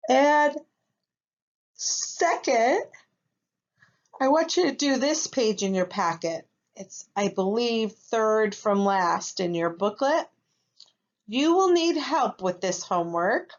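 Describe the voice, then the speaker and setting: A woman's voice: mid-range voice, big pitch swings. A woman teaching a first grade lesson, speaking patiently and checking in with her young students. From United States. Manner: patient, slow, checks in with "okay?". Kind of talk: recorded classroom lesson. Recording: slightly dull lo-fi recording.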